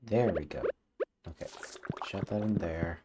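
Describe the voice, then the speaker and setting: A man's voice: low voice, measured pace, heavy background noise. A man casually talking to himself while streaming a farming game. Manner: relaxed, muttering to himself. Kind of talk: casual gameplay commentary. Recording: loud game music behind. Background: game music.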